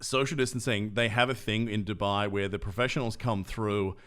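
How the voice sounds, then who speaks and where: A man's voice: fairly low pitch, a little fast. A man co-hosting a podcast, telling a story casually and acting out the lines of the people in it. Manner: animated storyteller who acts out other people's lines. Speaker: podcast co-host.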